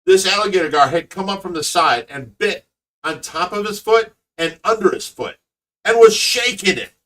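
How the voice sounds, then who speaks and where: A middle-aged man tells a story with a lot of energy, laughing as he goes. His voice is high and bright, and it sounds distant, as if he is sitting away from the mic. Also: normal speed. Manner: animated storyteller, laughs often. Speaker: fish rescue owner and host. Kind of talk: casual livestream chat.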